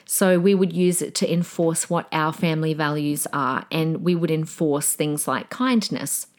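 Woman podcast host, middle-aged, casual parenting chat, animated storytelling, soothing teacher tone in quotes, slightly low voice. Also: measured pace. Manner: shifts into a soothing teacher voice when quoting.

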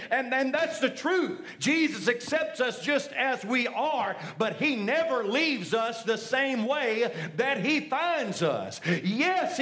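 A man delivers a sermon from the pulpit in a notably high voice. He drives his points home by repeating phrases, rising for emphasis and then settling lower to teach. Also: a bit bright. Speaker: pastor.

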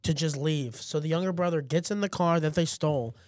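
Young man, podcast co-host, lively storyteller, slightly high voice, dry close studio mic. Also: a little fast, no echo. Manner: excited storyteller, acts out quoted voices loudly. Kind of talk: casual chat.

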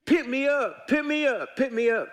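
A man's voice: very high voice, expressive, normal speed, voice pushed up. A man voicing a talking enchanted frog in a joke, begging and insisting to be picked up and kissed. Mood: pleading. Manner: pleading, insistent.

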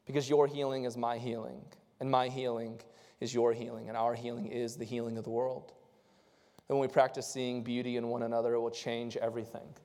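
A male pastor preaching a conversational sermon, swinging from loud, impassioned stretches to soft, intimate ones. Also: medium pitch, flat delivery, a little fast, in a large hall.

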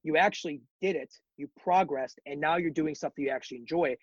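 A man's voice: a little high, fast, husky, no echo, muffled recording. A man as a podcast guest in casual chat, talking reflectively and encouragingly with many ums.

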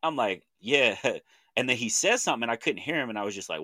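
With an Oklahoma accent, a thirty-something podcast co-host from that state animatedly recounts a story in casual slang, doing impressions of what others said. His pitch is medium, his delivery fast, and the recording dry.

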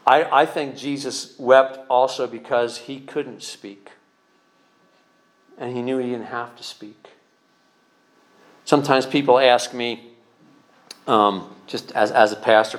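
A man's voice: medium pitch, lively intonation, a little slow, pauses often. A man preaching as a pastor, speaking conversationally with repeated words and emphatic rises. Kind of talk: sermon.

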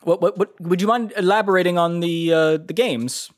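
A man's voice: sits high, normal speed. A man playing his character in a tabletop game, joking in a mock-official way. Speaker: player.

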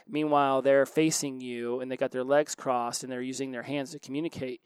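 A man hosting a solo self-help podcast. He talks fast and restarts his sentences often. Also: mid-range voice, clear, resonant tone, dry recording. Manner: fast-talking, with frequent restarts. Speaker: podcast host.

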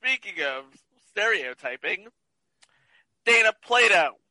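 A man's voice: high voice, big pitch swings, slow, bright, forceful tone, dry recording, low-quality recording. A man co-hosting a casual movie chat podcast, teasing and wry. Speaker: podcast co-host.

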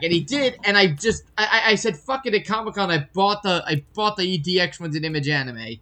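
A podcast co-host telling a story in a loose, rambling way, swearing and restarting sentences. The voice sits at a middling pitch, with casual chat energy. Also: lively intonation, fast talker, few pauses, sharp tone.

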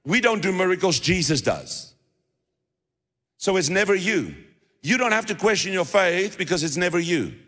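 A man's voice: sits high, very animated, moderate pace, fairly bright tone. A man preaching a sermon as pastor, emphatic and driving points home with repetition. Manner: emphatic preaching with repeated phrases. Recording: long reverb of a large hall.

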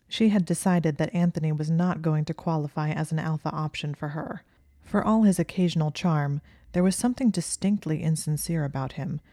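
A woman narrating fan fiction in a calm, even storytelling voice. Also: deep voice, no room sound, clean studio sound.

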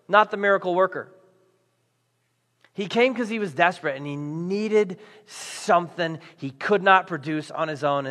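A male pastor delivering a conversational sermon to a church audience, acting out the story as he tells it. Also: sits high. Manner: conversational, animated, acts out the story. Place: church auditorium. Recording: echoey hall.

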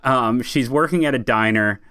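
A man's voice: mid-range voice, moderate pace, pushed and bright, clean tone, no echo, clean studio sound. A man co-hosting a podcast, talking casually with lots of "like" fillers. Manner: chatty, many "like" fillers. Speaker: podcast co-host. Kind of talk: casual film discussion.

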